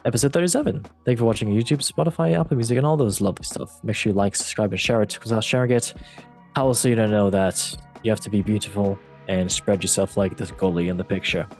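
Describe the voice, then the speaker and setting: A man's voice: fairly low pitch, fairly even intonation, fast talker, a little mellow, faint music behind. A man hosting a football podcast quiz, joking and mock-dramatic in a casual chat. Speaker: podcast host running a quiz.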